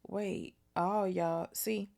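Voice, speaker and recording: A woman podcast host reading a book aloud, breaking in with excitable, chatty commentary. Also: medium pitch, drawn-out words, gravelly.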